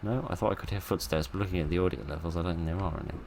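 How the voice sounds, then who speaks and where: A man's voice: low voice, rapid-fire, gravelly, a little mellow, a little hiss or hum. A man giving casual, wry commentary while playing a game, full of sarcastic asides. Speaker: let's play host.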